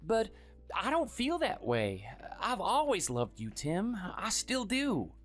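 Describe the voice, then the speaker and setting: A man's voice: sing-song, moderate pace, fairly bright tone, faint music behind. A man playing a timid, sickly husband in his thirties who is meek and apologetic. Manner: meek and apologetic, raised pitch. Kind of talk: dramatized story dialogue and first-person narration.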